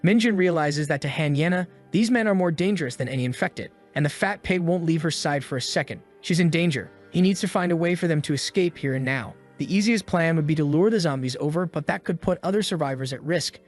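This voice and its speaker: A man's voice: on the high side, brisk, hardly any pauses, faint music behind. A man narrating a comic story recap from a script, with sarcastic asides to the listener.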